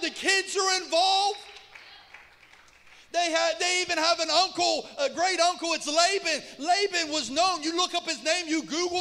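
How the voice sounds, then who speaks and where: A male pastor preaching a sermon, shouting for emphasis and then dropping very quiet, recorded in an echoey church hall. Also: very high-pitched. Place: church sanctuary.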